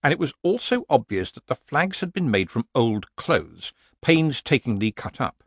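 A man's voice: mid-range voice, very animated, moderate pace, husky, no room sound, clean studio sound. A man narrating a comic fantasy story as an audiobook reader.

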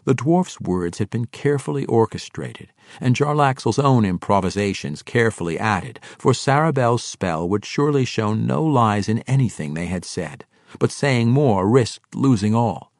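Man, audiobook narrator, dramatic storytelling, low voice, animated pitch. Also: normal speed, dry recording, studio quality. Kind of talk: scripted fantasy narration.

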